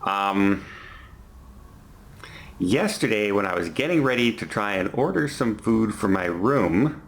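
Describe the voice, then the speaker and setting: A man's voice: fairly low pitch, lively intonation, unhurried. A man in his fifties casually telling a story to camera from a hotel, walking through what happened step by step. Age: 50s. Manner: chatty, retelling an incident step by step. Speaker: vlogger.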